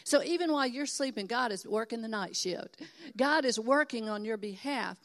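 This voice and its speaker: A woman's voice: fairly high pitch, expressive, moderate pace. An older woman from Texas preaching a sermon in an earnest, encouraging and emphatic way. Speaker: pastor.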